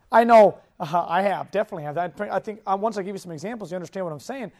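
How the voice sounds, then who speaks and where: A man with a notably high voice preaches to a youth group, animated and lively. He delivers his sermon with energy, slipping into playful impressions of the kids he talks about. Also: very fast, few pauses. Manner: animated, mimics kids' voices in anecdotes. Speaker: youth pastor. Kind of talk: sermon to teenagers.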